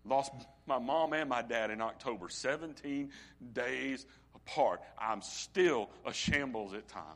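Preaching from the pulpit, a middle-aged man speaks in a mid-range voice that shifts from near-whispers to loud, ringing declarations. Key phrases get stretched out slowly for emphasis.

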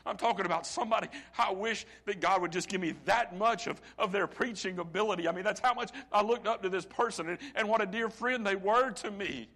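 A middle-aged man preaching with a bright, forceful voice that sits a little high for a man. He drops to a near hush, then builds to ringing intensity, drawing out key phrases slowly for weight. A pastor in full sermon flow. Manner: impassioned preaching that swings from hushed to loud; slow, drawn-out emphasis on key phrases.

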